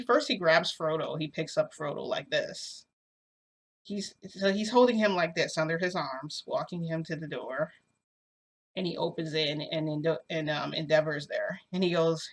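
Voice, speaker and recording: A woman telling a long story to her camera in a rambling, animated way, with lots of fillers, filmed indoors at home. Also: on the low side, unhurried, long pauses. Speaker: vlogger. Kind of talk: casual storytelling vlog. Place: indoors at home under a bright light.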